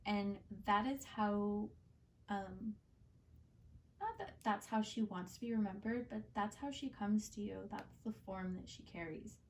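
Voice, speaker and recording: A woman's voice: medium pitch, lively intonation, unhurried, recorded from a distance, slight background noise. A woman giving a casual, heartfelt tarot reading, chatty and full of fillers. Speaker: tarot card reader and channel host.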